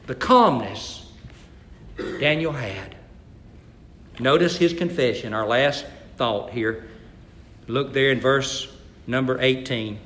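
A man preaching a sermon as pastor, swinging between hushed low lines and loud, emphatic exhortation. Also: expressive, takes it slowly, pauses often, reverberant.

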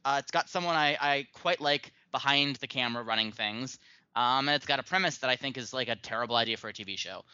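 A man's voice: mid-range voice, fast talker, bright, forceful tone, clear, resonant tone, no echo. Man, podcast host, rambling casual chat, dry close sound, lo-fi. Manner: rambling, self-mocking, many fillers.

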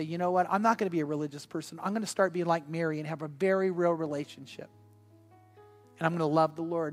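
An older man, a grandfather and pastor, preaching a sermon with earnest storytelling that drops soft and quiet in personal moments. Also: a little high.

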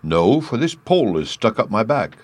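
A man voicing a gentle, friendly male scarecrow in a storybook, with a husky voice. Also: on the low side, sing-song, normal speed, dry recording. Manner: friendly and confiding.

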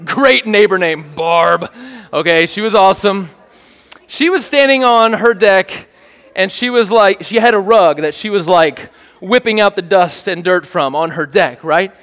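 A man with a high, bright-sitting voice preaches a sermon as an animated storyteller, joking and checking in with the congregation. His voice rings out through a church hall with a long reverb tail. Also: unhurried. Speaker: pastor.

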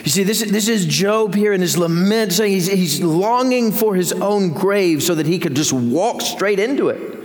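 A man's voice: normal speed, hardly any pauses. A man preaching a sermon as senior pastor, earnest, his voice climbing when he voices lament. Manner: earnest, rising in pitch when voicing Job's laments. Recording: long reverb of a church hall.

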